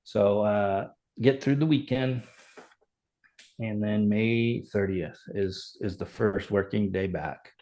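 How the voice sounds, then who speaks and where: A middle-aged man, a fire chief, telling his story in an animated, earnest way as a podcast guest. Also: fairly low pitch. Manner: animated, earnest, reenacts dialogue. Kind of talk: conversational storytelling.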